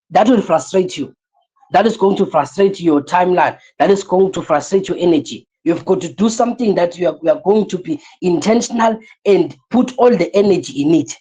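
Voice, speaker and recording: A woman's voice: on the low side, expressive, moderate pace, dark tone, breathy edge, rough recording. A woman teaching an online class, lecturing with energy, repeating her points and asking the listeners rhetorical questions.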